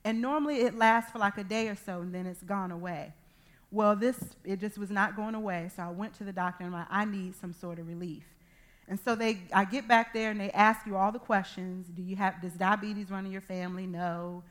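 Lady preacher telling her story in a sermon, acts out the voices, gets loud then soft. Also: mid-range voice, a little fast. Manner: animated storytelling, acting out dialogue. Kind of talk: sermon with personal testimony.

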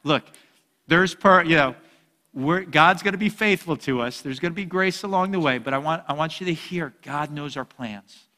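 A man preaching a sermon, a lively storyteller with jokes who swings between loud and soft. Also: fairly high pitch, moderate pace, long reverb tail. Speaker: pastor.

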